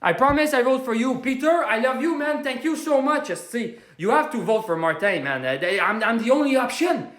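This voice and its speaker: A man playing a brash, excitable Quebecois would-be politician with a Quebec French accent, doing a comedic forecast in profane broken English. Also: extremely high pitch, a little fast, hardly any pauses, reverberant. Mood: excited. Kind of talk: comedic live-stream monologue.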